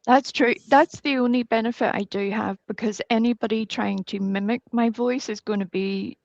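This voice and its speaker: A woman's voice: fairly high pitch, steady tone, normal speed, gravelly, a little mellow, dry recording, muffled recording. A woman from Northern Ireland with a Scottish-tinged Northern Irish accent, chatting casually and poking fun at herself. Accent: Northern Irish with Scottish mix. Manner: self-deprecating, laughing often. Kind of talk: casual group chat.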